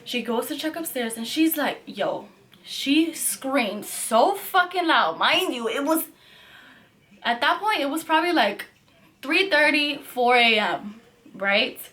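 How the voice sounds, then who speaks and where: A young woman vlogger telling a storytime tale in a profane, animated way, saying "like" constantly. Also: high-pitched, slow. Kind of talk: storytime vlog.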